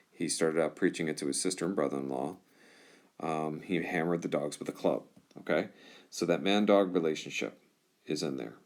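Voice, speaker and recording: A man's voice: sits low, a little mellow. A male teacher explaining test directions to his class, informal and reassuring, often checking in with "all right?". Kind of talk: explaining test directions over a whiteboard screencast.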